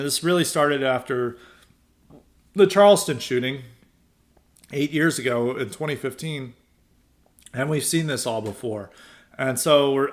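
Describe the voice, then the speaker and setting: Animated man in podcast commentary. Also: mid-range voice. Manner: animated, emphatic rises; conversational, many fillers. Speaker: podcast host. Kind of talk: casual political commentary.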